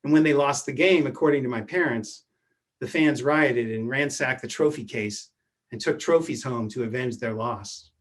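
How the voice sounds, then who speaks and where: A man telling a true personal story from his youth, in a measured way that often drops to a hushed voice. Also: mid-range voice. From Edwardsville, Illinois.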